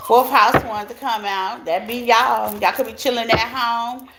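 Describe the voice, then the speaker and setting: A woman's voice: on the high side, fairly even intonation, measured pace, few pauses. A woman giving a casual tarot reading to her viewers, chatty and laughing often as she talks straight to them. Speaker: tarot reader. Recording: clear background noise.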